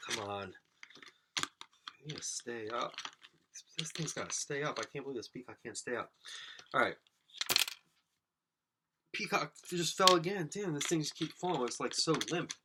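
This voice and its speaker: With a mid-range, lively voice at a moderate pace, this solo podcast host pauses often in a very noisy recording. His comedic monologue rambles absurdly, poking fun at himself and talking to listeners who aren't really there.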